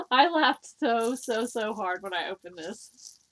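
A woman's voice: on the high side, big pitch swings, takes it slowly, a bit bright, a little hiss or hum. Chatty, gushing middle-aged woman. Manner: chatty and enthusiastic, gushing with frequent ums and laughs. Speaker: knitting podcast host. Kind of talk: casual chat to camera.

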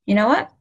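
Woman tutor, unhurried and chatty, filler-heavy casual delivery, video call audio. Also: fairly bright tone, rough recording. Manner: slow, friendly, many ums and okays. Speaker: French tutor. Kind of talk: casual online language lesson.

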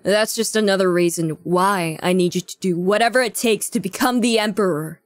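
A woman voicing a clever, scheming young prince in a manga read-along, in a calm, plotting tone. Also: medium pitch, fairly quick, faint music behind, lightly acted.

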